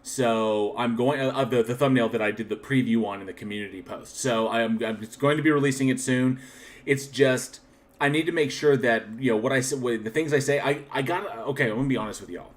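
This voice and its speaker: Man, livestream host, casual chat, shoutouts to viewers, restarts often, middle pitch. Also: a little fast. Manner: chatty, thanks viewers one by one, frequent restarts; reflective and candid about his channel.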